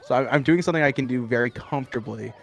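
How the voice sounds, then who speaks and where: A young man commentating a live speedrun event in a chatty, relaxed way, laughing often. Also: mid-range voice, rapid-fire, vocal fry, soft background music.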